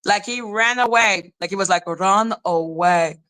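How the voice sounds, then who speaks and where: A woman hosting a live podcast, ranting in an animated, profane way and laughing often. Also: medium pitch, normal speed, poor audio. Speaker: podcast host.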